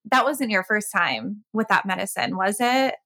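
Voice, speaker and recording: A woman's voice: mid-range voice, moderate pace, bright, forceful tone, dry recording. A woman co-hosting a podcast in a casual chat, often reacting with awe and enthusiasm. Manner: reacts with frequent awed "wow"s, enthusiastic. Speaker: podcast co-host.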